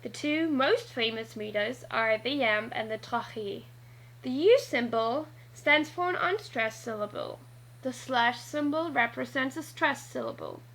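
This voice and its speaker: A woman narrating a scripted lesson, talking slowly and deliberately and spelling out letters one by one. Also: fairly high pitch, gravelly, pushed and bright, poor audio. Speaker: teacher.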